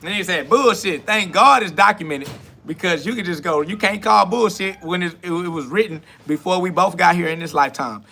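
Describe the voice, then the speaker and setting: A male livestream host's high voice is gravelly and sharp, running a little fast with hardly any pauses. He delivers a casual preaching monologue, swaggering, slangy and talking back to chat comments.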